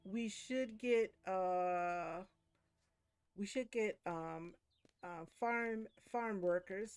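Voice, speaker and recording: A woman streaming a game while chatting casually, telling animated stories and breaking often into big laughs. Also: on the low side. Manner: animated storytelling. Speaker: gaming streamer. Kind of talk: casual chat while gaming.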